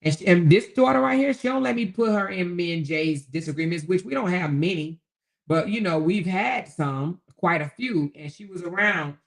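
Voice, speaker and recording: A woman's voice: fairly low pitch, moderate pace. A middle-aged woman hosting a casual livestream, reading viewer comments in a folksy way, calling listeners baby and honey and chuckling often. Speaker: livestream host.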